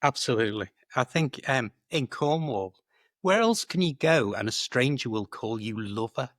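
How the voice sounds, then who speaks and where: A man who coaches English, chatting in a lively, animated way about British expressions, laughing easily and often saying "do you know". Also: medium pitch, normal speed, no echo, clean studio sound.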